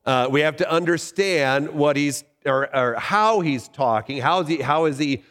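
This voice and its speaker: A man's voice: fairly high pitch, moderate pace, a bit bright, in a large hall. A male pastor giving a sermon in a conversational way, asking his listeners questions. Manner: conversational preaching with rhetorical questions.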